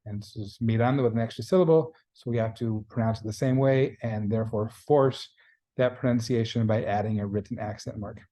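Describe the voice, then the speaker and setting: A man's voice: on the low side, fairly quick, mellow. A man teaching a beginning Spanish class in a recorded lecture, explaining grammar patiently and repeating the key points. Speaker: Spanish instructor.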